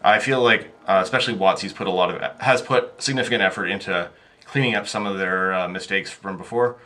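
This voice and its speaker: Deep-voiced and fairly quick, this man has a sharp edge to his tone. Chatting casually as an interview guest on a podcast, the game master wanders through talk of running tabletop games, stumbling over fillers and false starts.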